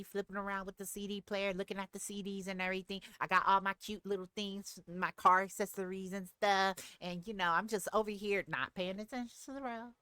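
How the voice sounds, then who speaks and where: Bright-voiced chatty woman streamer. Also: medium pitch, clean tone, dry recording. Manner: animated, chatty, laughs often. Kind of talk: casual storytelling to live chat.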